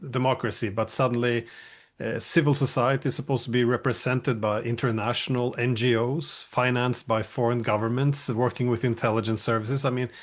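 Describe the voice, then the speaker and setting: A man hosting an interview, speaking in a measured, analytical way with dry ironic remarks. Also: mid-range voice, little pitch movement. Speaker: podcast host. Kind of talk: conversational interview.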